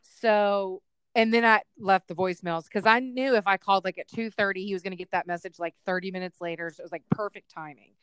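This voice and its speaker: A woman's voice: medium pitch, a little fast, clear, resonant tone, no room sound. A young adult woman co-hosting a podcast, telling a family story in casual chat and acting out relatives' voices. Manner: animated, does loud voices of family members in her stories. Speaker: podcast co-host.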